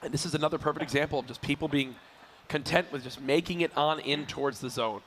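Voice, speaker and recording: A man doing lively play-by-play commentary for an esports tournament, playful and quick to joke. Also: on the high side, a little hiss or hum. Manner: energetic, playful, counts and jokes on air. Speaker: esports caster.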